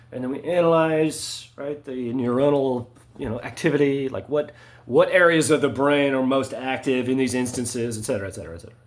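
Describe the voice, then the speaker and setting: This is a man delivering a rambling monologue stuffed with "right?" and "you know." His delivery swings from low mutters to sharp, emphatic spikes.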